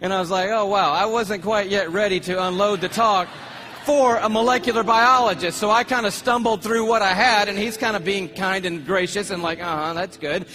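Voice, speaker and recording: A man preaching a sermon, telling a story in an excitable, animated way. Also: high-pitched, a little fast, a little hiss or hum. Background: background music.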